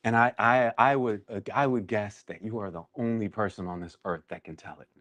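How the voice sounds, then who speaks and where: Deep-voiced guy talking about his life, halting, lots of restarts, dry close sound. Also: fairly even intonation, fairly bright tone, dry recording. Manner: reflective, halting, many restarts. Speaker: writer-director leading a workshop session. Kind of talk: candid personal storytelling.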